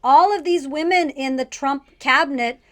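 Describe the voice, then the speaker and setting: A woman comedian with a high voice speaks earnestly and pauses to search for words. She makes her points plainly in casual panel chat. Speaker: comedian co-host.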